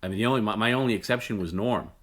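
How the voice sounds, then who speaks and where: A man's voice: on the low side, very fast, fairly bright tone. A middle-aged man hosting a late-night solo talk stream, rambling and opinionated, blunt, with many fillers and restarts. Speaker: host.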